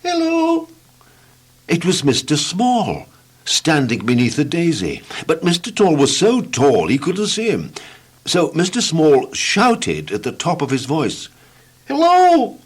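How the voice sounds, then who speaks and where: Expressive children's storybook narrator, husky, wildly animated pitch. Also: male voice. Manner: playful, expressive, slowing for effect.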